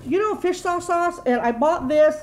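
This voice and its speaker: A woman's voice: very high voice, lively intonation, moderate pace, noisy background. A middle-aged woman, chatting casually and rambling through a grocery haul at home. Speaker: YouTube vlogger.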